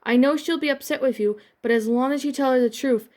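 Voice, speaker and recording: A woman's voice: sits high, fairly quick, a little mellow, pitched above the performer's own voice, lightly acted. A woman voicing a supportive teen girl friend who urges and reassures, in a fan-fiction reading. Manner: urging, reassuring.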